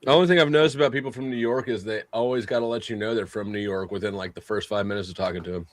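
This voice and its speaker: A man's voice: lowish voice, rapid-fire, no room sound. A man teasing and wisecracking in a casual panel chat.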